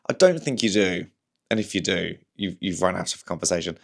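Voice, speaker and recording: A man's voice: low-pitched, lively intonation, a little fast, vocal fry. A young man from Slough with a slightly posh southern English accent, a comedian chatting casually on his own, rambling with lots of fillers and restarts and poking fun at himself. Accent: southern English, somewhat posh. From Slough, England. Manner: rambling, self-deprecating, many fillers and restarts. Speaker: comedian and podcast host. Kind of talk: casual solo chat.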